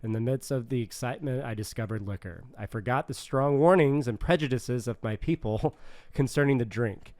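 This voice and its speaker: A man's voice: mid-range voice, normal speed, a little mellow, no echo. A young man co-hosting a casual podcast, reading a book aloud and stopping to explain, laughing often. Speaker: podcast co-host.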